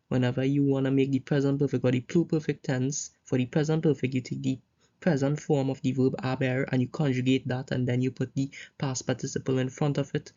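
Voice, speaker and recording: Brief: male tutor, mellow dark voice, loose rambling explanations, lo-fi dull recording. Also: medium pitch. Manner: loose, repetitive explaining with fillers. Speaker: Spanish tutor. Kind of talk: casual recorded grammar lesson over slides.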